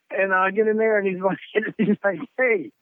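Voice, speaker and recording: A man's voice: high-pitched, unhurried, smooth, no room sound. Southern man telling stories over a tinny phone line. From North Carolina. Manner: animated, profane, laughs mid-story. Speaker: guest. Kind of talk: casual storytelling.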